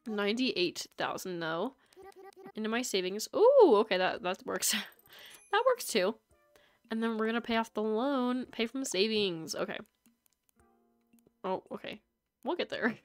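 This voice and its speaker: Her voice sits in the middle range with a fairly bright tone as she plays a game live and chats away with viewers. The talk is casual and meandering, aimed at chat.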